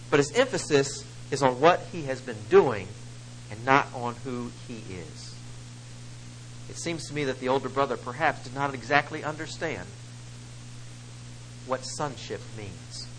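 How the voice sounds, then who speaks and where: A male preacher giving an emphatic sermon, swinging between loud stresses and soft asides. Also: a little high, a little hiss or hum, low-quality recording.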